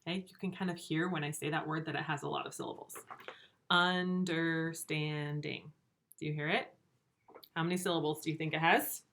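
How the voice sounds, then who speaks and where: A woman teacher giving a remote reading lesson to young pupils, slow and clear, encouraging. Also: low voice, steady tone, a bit bright. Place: home room with a whiteboard.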